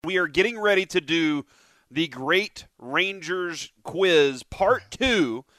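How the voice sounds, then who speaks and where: A man's voice: a little high, expressive, slow pace, sharp tone, slight background noise. A man co-hosting a sports radio show, joking and chatting casually while eating.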